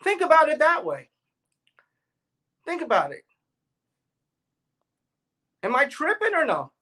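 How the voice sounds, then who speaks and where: A man with a strong New York accent hosts a casual livestream, talking straight to his viewers. His delivery is blunt and forceful and pushes back in an argumentative way. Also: very high-pitched, wildly swooping pitch, slow pace, low-quality recording. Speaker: livestream host.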